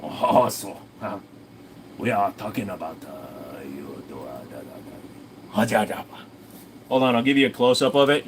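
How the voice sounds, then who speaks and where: A man's voice: sits low, very animated, unhurried, a little hiss or hum, rough recording. A man hosting a casual livestream Q&A, reading out viewer comments and answering them in an offhand, profane way. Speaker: host.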